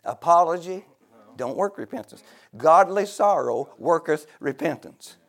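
A man delivers a fervent sermon, swinging from hushed, intimate talk to loud shouts and laughing often. His voice is a little high, creaky, and animated, yet unhurried.

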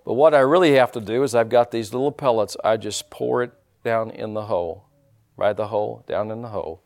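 A pastor with a lowish voice preaches briskly and with energy. He calls out to his congregation in call-and-response fashion, repeats lines for effect, and drops in folksy jokes.

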